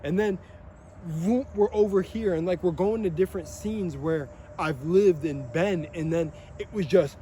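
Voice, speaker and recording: Young guy rambling outside, high voice, laughs a lot, swears, bit of street noise. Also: a little slow. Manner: rambling, excitable, swears often, laughs between phrases. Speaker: vlogger. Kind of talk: rambling monologue.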